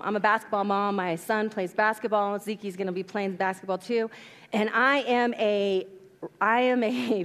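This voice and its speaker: A woman pastor preaching a sermon in a church, telling stories and acting out quotes with animated delivery. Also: medium pitch. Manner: animated storytelling, acts out quotes. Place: church sanctuary. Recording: long reverb of a church hall.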